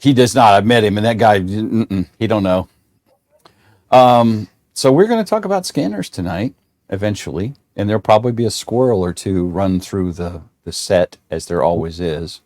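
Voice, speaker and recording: A man's voice: fairly low pitch, expressive, moderate pace, darkish tone, dry recording, clean studio sound. A middle-aged man hosting a casual livestream chat, folksy and joking, rambling with restarts. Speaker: show host.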